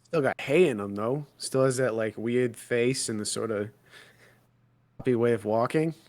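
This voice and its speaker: A man's voice: medium pitch, normal speed, a little mellow. A man playing a tabletop role-playing game, chatting casually with dry, sarcastic banter.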